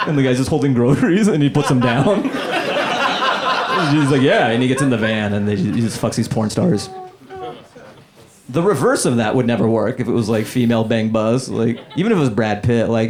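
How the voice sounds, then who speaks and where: A man in his thirties doing a stand-up comedy set, animated and acting out characters in quick voices. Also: medium pitch. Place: comedy club stage before a laughing audience. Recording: live club set with loud crowd laughter.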